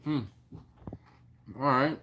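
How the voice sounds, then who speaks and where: A relaxed man talks on a live stream through his phone's mic at home, with a voice of ordinary mid pitch. He reads viewers' comments aloud in an easygoing way, greeting people by name and chuckling often. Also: drawn-out words, heavy background noise. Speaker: host of a barbecue live stream. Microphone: phone on a mount.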